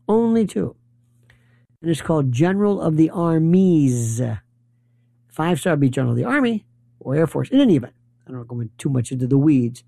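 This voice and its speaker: A man's voice: on the high side, vocal fry, mellow, no room sound, clean studio sound. A man delivering an impassioned political monologue, firing off rhetorical questions and rambling as he gropes for names. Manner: heated, rhetorical, rambling, often searching for names.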